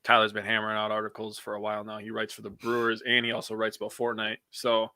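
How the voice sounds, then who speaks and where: A man co-hosting a casual sports podcast, animated and quick to laugh, swearing freely as he talks games. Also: fairly low pitch, no echo. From Wisconsin. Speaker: podcast co-host.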